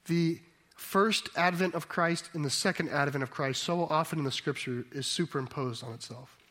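Male pastor preaching a sermon, bit high voice, thinks out loud then gets emphatic. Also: normal speed. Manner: thoughtful, reflective, rising to emphatic.

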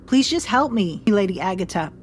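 A woman's voice: medium pitch, normal speed, slight background noise, close to an everyday voice. A woman voicing a desperate, pregnant young woman of about eighteen, pleading breathlessly in a dramatized story reading.

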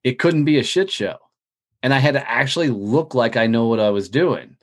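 Man, podcast guest, casual profane storyteller, mid-pitched, lively delivery. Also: normal speed. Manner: profane, energetic, animated storytelling with quoted dialogue. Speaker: podcast guest, business owner.

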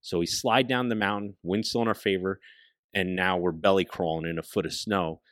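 A man with a low voice tells a story in a casual, swearing, lively way, often sinking to a near hush for the tense parts. The sound is dry and close, with no room echo. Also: fairly quick. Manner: profane, animated storyteller who drops into hushed tones. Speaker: hunting guest.

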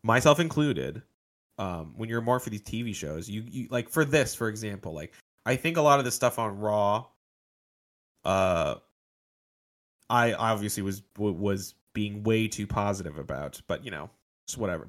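A man with a lowish voice co-hosts a laid-back wrestling podcast, rambling through his points with plenty of "you know"s and easy laughter. His talk wanders and restarts as he works out his opinions. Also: animated, moderate pace. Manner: rambling, laughs often, trails off into fillers. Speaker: podcast co-host. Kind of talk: casual wrestling review chat.

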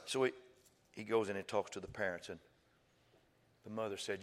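A male pastor preaching a sermon, telling a story with quoted dialogue, slow and emphatic. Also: fairly low pitch, steady tone, big-room sound, a little hiss or hum. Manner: storytelling, builds to shouting climax.

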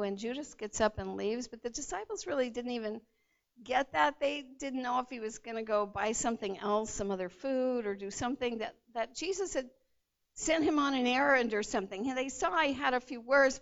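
A woman's voice: a little high, vocal fry. Woman retelling a Bible story, lo-fi. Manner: animated retelling, acts out the disciples' voices. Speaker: Bible teacher. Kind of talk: conversational Bible teaching. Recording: dull lo-fi sound.

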